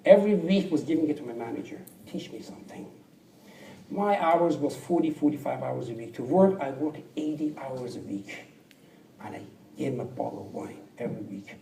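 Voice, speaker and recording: Un hombre con acento extranjero cuenta su historia en una sala amplia. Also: male voice, mid-range voice, moderate pace, gravelly. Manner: animated, acts out quoted people, drops to near whispers. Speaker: speaker telling his life story. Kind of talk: storytelling talk to an audience. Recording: roomy, distant mic with faint background noise.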